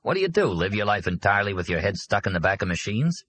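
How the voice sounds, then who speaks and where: A man's voice: fairly low pitch, big pitch swings, fast talker, a bit bright, breathy edge, full character voice. A man reading an audiobook, voicing a brash, pushy middle-aged union boss who talks bluntly and boasts. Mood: prying. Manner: blunt, boastful, jumpy and eager to please. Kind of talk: audiobook character voice.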